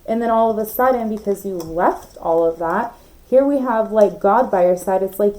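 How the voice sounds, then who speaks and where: A woman's voice: medium pitch, normal speed, dark tone, low-quality recording. A young woman giving a casual, emphatic tarot reading, talking straight to her viewers with lots of fillers and the odd swear word. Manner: chatty and emphatic, many fillers, swears, addresses viewers directly. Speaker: tarot reader.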